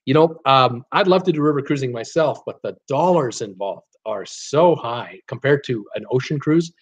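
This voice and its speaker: A man's voice: medium pitch, lively intonation, moderate pace, slightly rough, muffled recording. Rambling man chatting on a live stream. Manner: rambling, frequent "uh" and restarts, upbeat replies to viewers. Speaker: YouTube channel host reading live chat. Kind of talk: casual live-stream chat.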